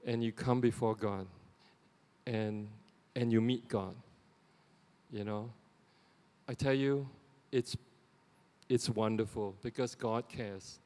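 A middle-aged man with a Singaporean English accent, giving a lay sermon in a conversational, animated way with lots of "you know" asides. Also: on the low side, slow pace, pauses often. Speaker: lay preacher. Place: church sanctuary. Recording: long church reverb.

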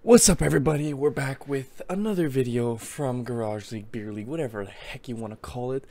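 A man's voice: mid-range voice, a little fast, dark tone. A young man casually commenting on his own hockey game footage, mocking himself and joking as he goes.

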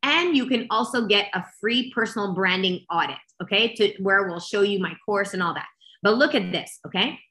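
A woman business coach speaking as a guest, emphatic and expressive, often restarting her sentences. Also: mid-range voice, moderate pace, echoey room, slight background noise. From Canada. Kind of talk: energetic coaching talk.

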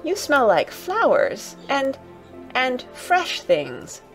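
A woman voicing a sickly, eager and wondering boy, exclaiming in a high, delighted, breathless way. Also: very animated, a little slow, faint music behind, rough recording.

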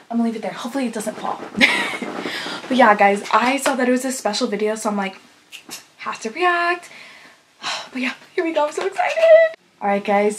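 A woman's voice: fairly high pitch, fairly bright tone, slight background noise, poor audio. A young woman hosting a fan reaction video, gushing and squealing as she reacts, with faint music behind her. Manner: gushing, squealing, breathless fangirling. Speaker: YouTube reaction host. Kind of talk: excited fan reaction vlog.

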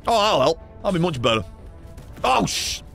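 Loud high-pitched ranting gamer man. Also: very animated, moderate pace, vocal fry. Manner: swearing, shouting, exasperated ranting. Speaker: streamer playing a co-op shooter. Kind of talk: loud excitable gaming banter. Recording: game music behind.

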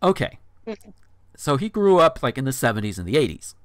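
Animated man in his thirties, dry sound. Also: medium pitch, a little fast, dry recording. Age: 30s. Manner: swearing, incredulous asides, exaggerated outbursts. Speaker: podcast host. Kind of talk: casual podcast chat with dramatic readings.

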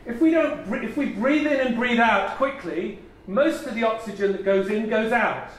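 A man leading a conference audience through an energetic voice warm-up, coaxing and theatrical, laughing often. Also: very high-pitched, normal speed. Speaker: plenary speaker leading a voice warm-up. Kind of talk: leading a group vocal exercise at a conference. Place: large conference hall. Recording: very echoey hall, mic far off.

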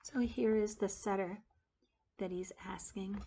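A woman reading a picture book aloud in an expressive storyteller way, pointing out the pictures as she goes. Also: mid-range voice, a little slow, a little hiss or hum.

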